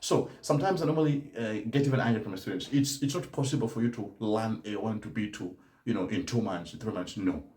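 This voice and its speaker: A man's voice: lowish voice, fast talker, a little mellow, roomy sound. A man teaching German learners in a live-stream talk, speaking emphatically and often adding "right?" to his points. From Kenya. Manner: emphatic, tags statements with "right?".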